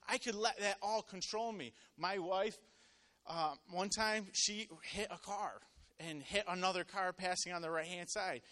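A man with a high, bright voice delivers a sermon in a relaxed, chatty way. He tells stories from daily life and keeps calling on the congregation to answer back. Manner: conversational, storytelling, calls on congregation. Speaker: preacher. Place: church hall with congregation.

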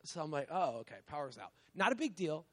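High-voiced man preaching a chatty sermon. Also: very animated, fast talker, fairly bright tone. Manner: conversational, lots of "like" and "right?", self-mocking laughs. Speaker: guest preacher. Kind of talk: casual sermon.

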